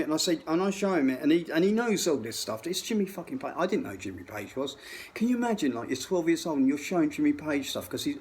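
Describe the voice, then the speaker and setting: A man's voice: a little high, a little hiss or hum. A middle-aged man telling a rambling, profane story, full of restarts. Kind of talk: rambling anecdote.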